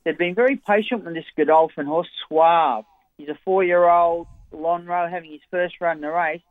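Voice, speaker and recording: An Australian man with a fairly high voice runs through his racing picks in a chatty, keen way. His voice comes down a thin, tinny phone line. The sound is dry and close. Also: steady tone, moderate pace, dry recording. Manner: chatty, enthusiastic form analysis. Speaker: racing tipster. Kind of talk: radio racing tips.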